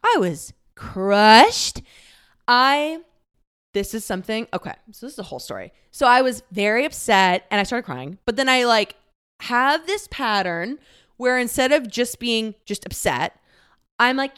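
A young woman in her twenties tells a personal story straight to the camera, chatty and candid. She swears freely and laughs as she talks. Her voice is fairly high and smooth. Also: lively intonation, normal speed, fairly bright tone. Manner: candid, profane, laughs often; chatty, many fillers and acted quotes.

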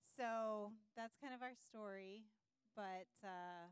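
A woman's voice: mid-range voice, slow pace, clean tone, no echo. A young woman on a panel casually wrapping up her personal story. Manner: casual, laughing a little while wrapping up.

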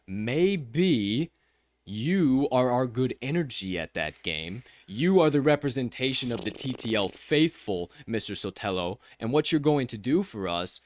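A man's voice: mid-range voice, sing-song, measured pace. A man co-hosting a casual sports betting chat, joking and swearing freely as he gives his picks. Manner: joking, profane, playful drawl. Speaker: podcast co-host.

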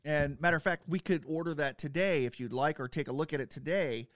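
Guy co-hosting a podcast, kinda higher voice, playful and laughs a lot, dry close mic. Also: a little fast, a bit bright, no room sound. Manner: playful, laughs easily, eager. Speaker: podcast co-host. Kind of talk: casual chat.

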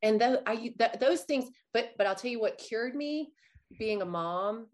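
A woman guest on a podcast, chatting casually and telling animated stories with lively asides. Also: fairly high pitch, a little slow. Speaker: guest author.

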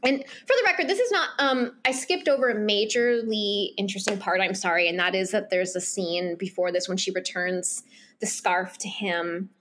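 A woman's voice: medium pitch, moderate pace, fairly bright tone. A woman co-hosting a podcast, recapping a romance novel in casual chat, rambling with lots of fillers and acting out bits of dialogue. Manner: rambling, filler-heavy, acts out character lines. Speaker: podcast co-host.

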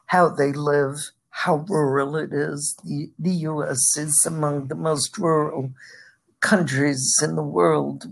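Low, slow, gravelly woman. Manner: measured, explanatory, occasional laughs. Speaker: guest expert. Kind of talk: interview answers.

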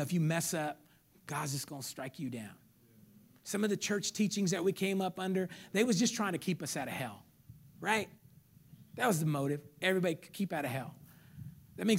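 A middle-aged man preaching a sermon as pastor. He swings between loud calls to the congregation and near whispers, and uses casual street slang. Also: high-pitched, gravelly, slightly rough.

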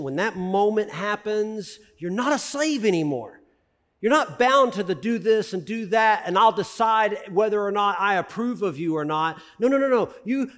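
A middle-aged pastor delivers a sermon in a high, lively voice. His preaching swings from loud emphasis to hushed asides. The sound carries a long reverb from a large hall.

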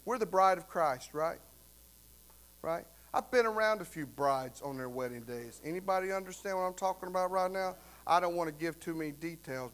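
A man preaching a sermon in a conversational way, often checking in with "right?" and rising to loud, fervent bursts. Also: a little high. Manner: repeats "right?" to the congregation. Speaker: pastor.

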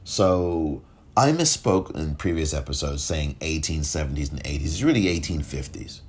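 A man's voice: very deep voice, expressive, normal speed, a little hiss or hum. A man hosting a solo podcast commentary, impassioned and rhetorical, repeating phrases for emphasis and rising into pointed questions. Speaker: podcast host.

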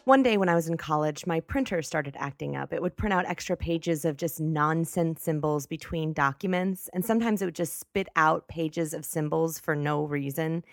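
A woman hosting a comedy podcast, telling rambling, playful stories with quick asides. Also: deep voice, no room sound. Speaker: podcast host.

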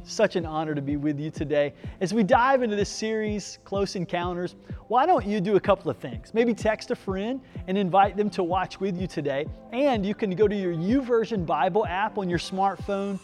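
A male pastor with a high-pitched voice delivers an online sermon, telling a story and speaking straight to his viewers. His voice carries a long reverb, as in a large hall. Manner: storytelling, warm direct address to viewers.

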